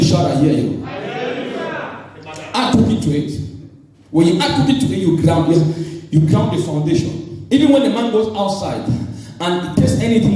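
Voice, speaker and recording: Animated African pastor preaching in an echoey hall. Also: male voice, sits high, far from the mic. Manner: animated, calls on the congregation to respond. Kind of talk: sermon.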